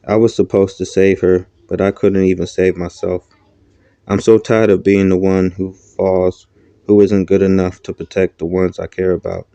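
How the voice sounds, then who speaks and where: A man's voice: low-pitched, flat delivery, normal speed, dark tone, smooth, dry recording. A man voicing a grieving, guilt-ridden young man who speaks in a despairing, self-blaming way on a dull lo-fi recording.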